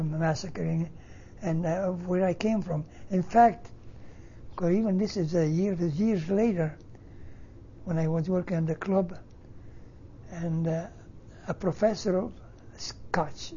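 An older man from Northern Italy, native Italian, speaking English with an Italian accent and halting, broken phrasing, telling his life story in an interview. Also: high-pitched, warm tone, muffled recording, a little hiss or hum. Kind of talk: oral history interview.

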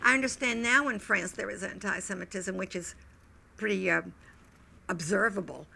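An older woman, an interview guest, recounting memories in a reflective, halting way. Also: medium pitch, vocal fry, bright, forceful tone, slight background noise. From Wilmington, Delaware, US. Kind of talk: oral history recollection.

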